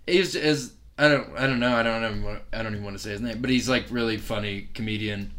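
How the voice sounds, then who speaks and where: A male comedian rambles through stories on a casual podcast, packing his talk with "like" and laughing often. His voice is fairly low, a bit bright, and quick.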